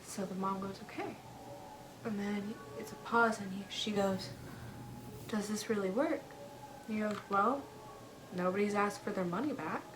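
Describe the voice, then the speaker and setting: A woman casually retelling a spooky story in an animated way, acting out the characters' quoted lines with lots of "he goes" and "like". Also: mid-range voice, moderate pace, noisy background.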